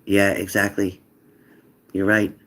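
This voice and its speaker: A man's voice: low-pitched, monotone, takes it slowly, a bit bright. A man hosting a tarot live stream in a casual, chatty way, reading out viewer comments and answering them earnestly.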